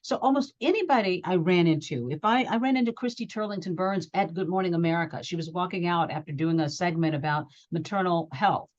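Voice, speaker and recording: A middle-aged woman from Georgia, a journalist talking as an interview guest, telling stories in an animated way and acting out what people said. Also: on the low side, a little fast, few pauses, dull audio. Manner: animated storyteller, acts out quotes. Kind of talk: interview conversation.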